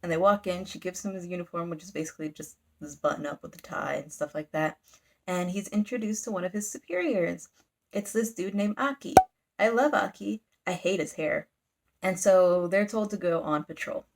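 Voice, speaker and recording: Here a young manga YouTuber speaks at normal speed in a creaky voice that sits on the low side. She casually recaps a volume for her channel, rambling and dropping "like" constantly, and briefly performs the characters' dialogue as she goes.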